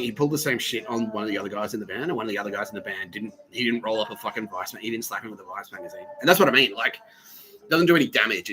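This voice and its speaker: A man's voice: on the low side, poor audio. A man hosting a podcast, telling a rambling, profane story with lots of laughter. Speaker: podcast host. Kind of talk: casual storytelling.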